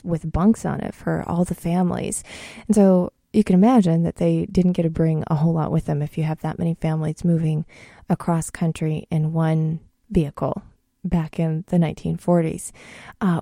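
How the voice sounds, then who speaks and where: Middle-aged woman gardener from Washington State, homey rambling talker with a low, very mellow voice, dry close sound. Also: vocal fry, dry recording. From Washington State, USA. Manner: homey, rambling, with many fillers and restarts. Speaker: home gardener. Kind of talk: casual storytelling monologue.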